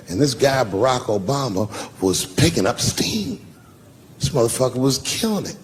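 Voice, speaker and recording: A man telling a profane, animated stand-up story and acting out the people in it. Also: mid-range voice, gravelly, long reverb tail. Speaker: stand-up comedian.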